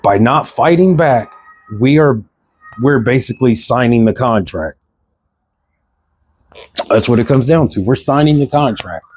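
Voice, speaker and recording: Impassioned man with a dark, mellow voice. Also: medium pitch, expressive, a little slow, pauses often, slightly rough. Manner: impassioned, preachy, repeats phrases, asks rhetorical questions. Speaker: vlogger. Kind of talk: passionate spiritual monologue to camera.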